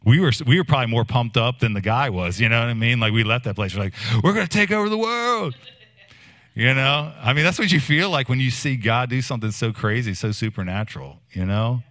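A man preaching a sermon in a conversational, animated storytelling way, with many fillers and restarts. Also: mid-range voice, fast, hardly any pauses.

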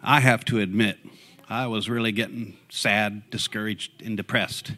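A man sharing a fervent church testimony, his voice quiet and low at first, then rising to excited outbursts. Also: measured pace.

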